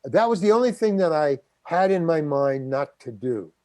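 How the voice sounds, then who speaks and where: A man's voice: a little high, expressive, normal speed, mellow. An older man, a guest actor, telling a story in an interview and acting out the quotes. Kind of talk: anecdotal storytelling.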